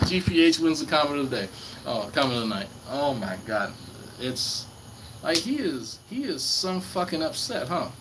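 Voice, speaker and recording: A man on a casual livestream, reading chat comments aloud and taunting a rival in a mocking, profane way. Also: a little high. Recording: clear background noise with crickets.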